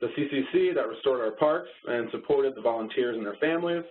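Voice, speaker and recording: A man's voice: mid-range voice, brisk. A man co-hosting a training webinar in an easygoing way, over tinny phone-like audio. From Texas. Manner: easygoing, laughs along at jokes. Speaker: webinar co-host. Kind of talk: casual webinar presentation.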